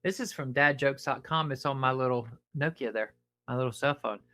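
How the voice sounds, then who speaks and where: A woman's voice: extremely low pitch, fairly quick, pushed and bright, dry recording. A woman hosting a casual podcast, reading dad jokes aloud and playing along with a joking co-host. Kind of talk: casual comedic chat.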